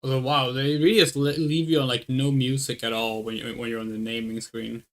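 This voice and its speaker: A woman's voice: extremely low pitch, flat delivery, fairly quick. A woman streaming a game, chatting casually with her viewers and thinking aloud as she picks options, referring to herself as "we". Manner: thinking aloud, rambling, speaks of self as "we". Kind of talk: casual let's play commentary.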